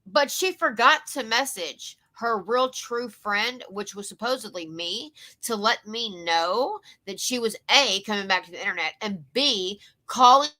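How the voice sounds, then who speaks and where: Louisiana woman with a southern accent, bright voice, cussing and ranting through a reaction video. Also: medium pitch, animated, a little slow, few pauses. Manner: profane, indignant, emphatic. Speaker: commentary YouTuber. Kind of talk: reaction commentary rant.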